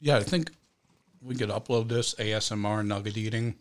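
A man's voice: on the low side, moderate pace. A man hosting a casual livestream chat, joking and swearing while eating. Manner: joking, profane, eats while talking. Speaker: host.

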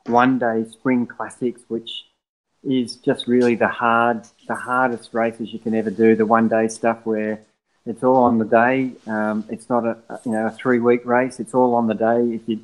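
A man's voice: mid-range voice, low-quality recording. A middle-aged man, a father who guides cycling tours, speaking as a guest in an earnest, enthusiastic way. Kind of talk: casual conversation.

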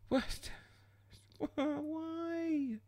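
A man's voice: very high-pitched, darkish tone, no echo. Exasperated, sweary man, dry close sound. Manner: exasperated, sweary, laughing through frustration. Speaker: small business owner. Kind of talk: casual vlog rant.

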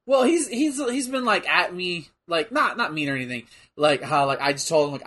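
A man chatting casually and reacting loudly to a wrestling match, laughing often. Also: a little high, normal speed, few pauses. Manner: animated, laughs often, bursts into shouting. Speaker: co-host watching wrestling.

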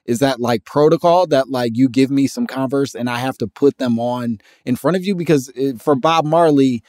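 A man's voice: mid-range voice, normal speed, a little mellow, no room sound, studio quality. A man from Indiana hosting a casual podcast chat, laid-back and jokey, thinking aloud as he talks. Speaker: podcast host.

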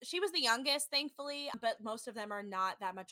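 A woman's voice: a little high, lively intonation, a little fast, bright, forceful tone, dry recording. A woman hosting a casual podcast, recapping a reality show in a chatty way with lots of "like". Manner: chatty, heavy use of "like", mimics people in quotes. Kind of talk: casual chat.

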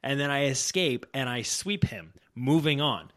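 Young man, podcast co-host, casual banter, animated storytelling, trash talk. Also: mid-range voice, unhurried.

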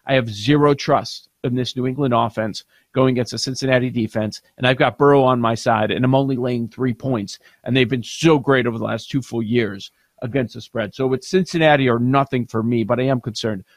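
A man's voice: mid-range voice, no room sound, studio quality. A man hosting a casual sports betting chat, breaking down numbers and questioning the odds. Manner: analytical, questioning. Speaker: sports betting show host.

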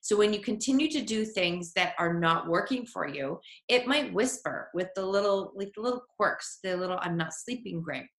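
A woman's voice: medium pitch, expressive, moderate pace, hardly any pauses, fairly bright tone. A woman giving an earnest, encouraging motivational talk as a life coach, sometimes voicing an inner voice. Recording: echoey room.

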